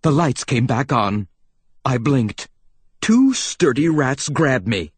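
A man narrating a children's storybook in the first person with an expressive reading. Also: medium pitch, takes it slowly, husky, no echo.

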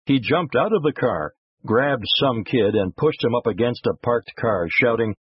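Husky man telling a moral story. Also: on the low side, moderate pace, dry recording. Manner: expressive, moralizing. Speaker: narrator. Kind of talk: storytelling narration. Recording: dull lo-fi recording.

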